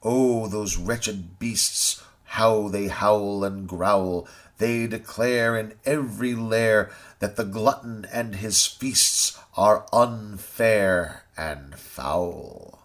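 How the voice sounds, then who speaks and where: A man's voice: lowish voice, very slow, few pauses. A man narrating a rhyming children's story in a sing-song, theatrical way.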